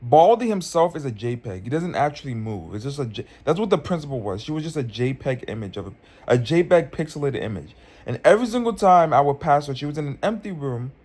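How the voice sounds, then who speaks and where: Young male vlogger, slightly high voice, rambling dream storyteller on a phone mic. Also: a little mellow. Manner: rambling, many restarts and fillers.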